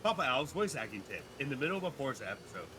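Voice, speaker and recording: A man co-hosting a casual gaming chat, animated and joking, tripping over his words. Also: medium pitch, very fast, a little hiss or hum. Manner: animated, joking, stumbling restarts. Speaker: gaming video co-host and streamer.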